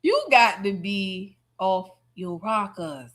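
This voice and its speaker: A woman streamer giving sassy, mocking reaction commentary, heavy on slang and loud laughter. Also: mid-range voice, lively intonation, slow pace.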